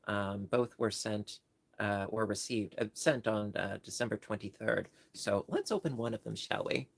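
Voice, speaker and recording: A man's voice: lowish voice, moderate pace, creaky, dry recording. A man hosting a home livestream, chatting casually and reading viewers' comments, rambling and apologizing with many ums and restarts. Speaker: livestream host.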